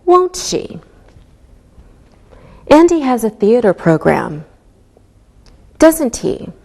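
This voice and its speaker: A woman teaching a scripted English grammar lesson with slow, deliberate, sing-song delivery. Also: a little high, big pitch swings, vocal fry, warm tone.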